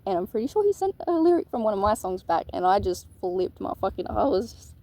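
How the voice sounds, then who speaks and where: A woman tells a personal story at a rapid clip, jumping between thoughts. Her voice is mellow and darker than most, with frequent swearing and an excitable, scattered energy. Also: mid-range voice, dry recording. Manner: rambling, excitable, swears often. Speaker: vlogger. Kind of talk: casual storytime monologue.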